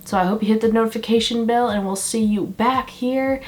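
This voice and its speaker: A woman's voice: a little high, a little fast. Chatty self-mocking young woman vlogger. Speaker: makeup vlogger. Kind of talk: casual makeup tutorial chat.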